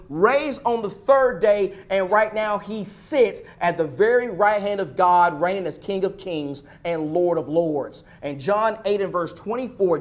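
A man's voice: sits high, fairly bright tone. A man preaching a sermon, building emphasis through repeated phrases. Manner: emphatic, repetitive preaching cadence.

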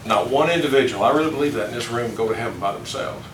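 An older man leads a folksy Bible class, chuckling as he asks his listeners questions. His voice sits in the middle range and sounds far from the mic. The room echoes, with steady background noise. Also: medium pitch, racing. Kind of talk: informal Bible class lesson. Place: classroom or church meeting room. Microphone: distant room mic.

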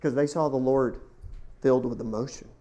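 A man delivers a sermon in a dramatic, theatrical manner. He calls his listeners folks and fires rhetorical questions at them. His voice leaps to loud exclamations, then sinks to hushed, near-whispered lines. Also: mid-range voice, steady tone, a little fast. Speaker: preacher.

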